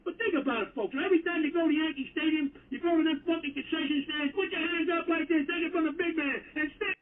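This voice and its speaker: A man putting on a loud, foul-mouthed New York sports caller who rants in a high, strained voice at a rapid clip. The clip is tinny and phone-like, and it sounds far from the mic. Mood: ranting. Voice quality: profane, blustering rant.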